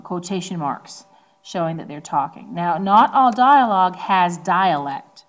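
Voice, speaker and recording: A woman teacher from the Northeastern United States lectures in a relaxed, conversational way. Her voice sits somewhat low for a woman. She often pauses on ums and slows down to lean on important words. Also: highs cut off. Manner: conversational explaining with frequent ums. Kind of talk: recorded classroom lecture.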